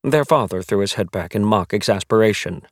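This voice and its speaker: A man reading a novel aloud as its narrator, telling the story in a measured, wry way. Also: fairly low pitch, dry recording, clean studio sound. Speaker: audiobook narrator. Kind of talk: scripted narration.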